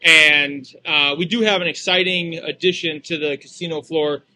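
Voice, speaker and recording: His voice sits on the high side, steady, bright and forceful, at a normal speed. He's a co-host on a sports talk show and a casino representative, chatting casually but haltingly with lots of fillers and restarts.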